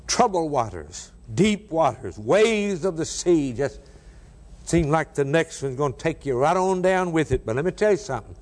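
An older man preaching a sermon, swinging between hushed and raised delivery. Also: fairly high pitch, big pitch swings, moderate pace. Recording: long hall reverb.

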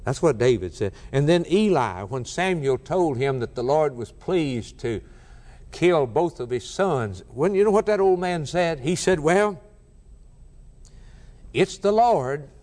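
A man's voice: on the high side, animated, measured pace. Fervent preacher guy, voice swoops all over, long reverb tail. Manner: fervent, swinging between soft and emphatic. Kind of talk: sermon.

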